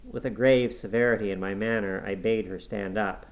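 Low-voiced man reading a classic novel. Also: poor audio. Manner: measured, expressive storytelling. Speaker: audiobook reader.

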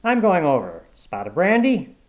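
A man reading aloud and voicing a daydreaming middle-aged man who speaks calmly and evenly, with understatement. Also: on the high side, normal speed, voice pushed up. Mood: cool. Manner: calm, understated, even.

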